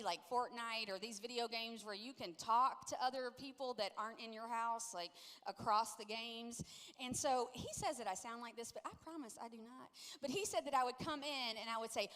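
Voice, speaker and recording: Brief: woman pastor, middle-aged, high and animated, storytelling sermon, long hall reverb. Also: moderate pace. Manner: lively storytelling, playfully acting out quotes. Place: church sanctuary. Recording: long echo of a large church hall.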